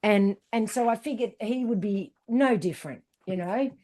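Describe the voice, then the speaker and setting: A woman's voice: medium pitch, normal speed. A woman endurance coach in casual podcast chat, telling stories bluntly and emphatically and acting out what people said. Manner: animated storyteller who acts out what people said.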